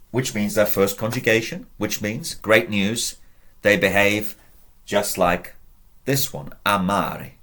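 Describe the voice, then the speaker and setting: Low-voiced, slow Latin teacher. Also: male voice. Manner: patient, drills conjugations aloud with rising emphasis; encouraging, addresses viewers directly. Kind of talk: whiteboard lesson.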